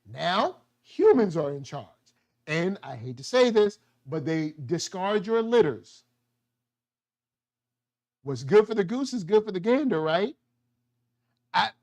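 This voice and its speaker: A man giving a casual, slangy review of a TV show, animated and quick to act out the characters' lines. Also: sits high. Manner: slangy, animated, acts out quotes. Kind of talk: casual solo TV review talk.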